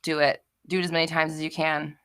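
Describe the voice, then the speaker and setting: Bright, boisterous woman hosting a live chat. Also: low-pitched, fast, smooth. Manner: expressive, boisterous and loud, swears freely, bursts into shouty rants. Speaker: manifestation channel host.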